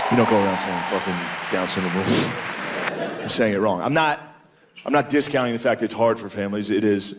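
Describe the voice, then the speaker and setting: A man doing a stand-up comedy set, talking casually and profanely and calling everyone "dude.". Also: on the low side. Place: comedy club stage. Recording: live club recording, loud crowd noise. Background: loud audience laughter.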